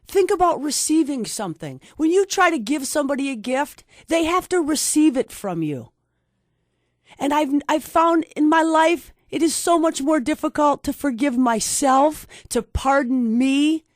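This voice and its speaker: A woman's voice: sits high, animated, unhurried, no room sound, clean studio sound. A middle-aged woman giving an emphatic, preacherly faith-based motivational talk, repeating key phrases. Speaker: host and speaker.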